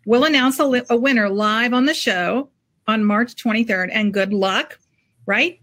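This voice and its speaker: Bright upbeat woman show host. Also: fairly high pitch, moderate pace. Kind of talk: casual chat.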